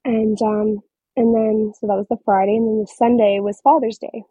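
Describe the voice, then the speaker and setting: A woman in her thirties, a guest telling a personal story in an interview, speaking haltingly with many fillers. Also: fairly high pitch, flat delivery, dark tone, slightly rough, no echo. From Northern Ontario, Canada. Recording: slightly muffled recording.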